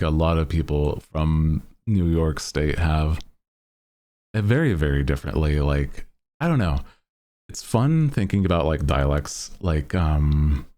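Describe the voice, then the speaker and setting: Man, streamer, extremely low voice, unhurried, casual rambling, lots of "like", upward lilt at phrase ends, self-mocking. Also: mellow. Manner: rambling, heavy use of "like" fillers; self-mocking, laughs at himself.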